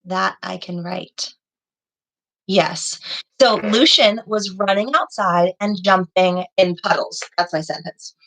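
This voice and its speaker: Slow, patient woman teacher. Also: medium pitch, fairly even intonation, fairly bright tone, poor audio. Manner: patient, encouraging, praises children by name. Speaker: elementary school teacher. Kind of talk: online class teaching. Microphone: video call.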